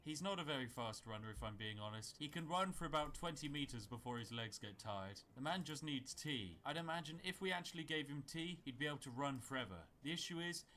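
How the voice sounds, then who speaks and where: A man's voice: on the high side, animated, fairly quick, hardly any pauses, bright, forceful tone, slight background noise. A man with a British accent narrating his gameplay with dry, wry humor and mock-grand asides. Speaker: gaming YouTuber.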